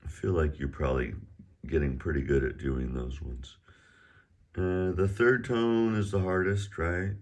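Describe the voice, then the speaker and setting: A man's voice: low voice, fairly even intonation, unhurried. A middle-aged man teaching a casual online Chinese lesson at home, chatty and prone to rambling asides. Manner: sings out exaggerated tones in pronunciation drills.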